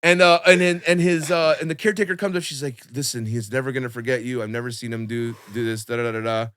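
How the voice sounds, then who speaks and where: A young man telling a long personal story on a podcast in a casual, animated way, full of swearing and fillers. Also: medium pitch, fast talker, clear, resonant tone. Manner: animated, swearing, lots of fillers, acts out quotes.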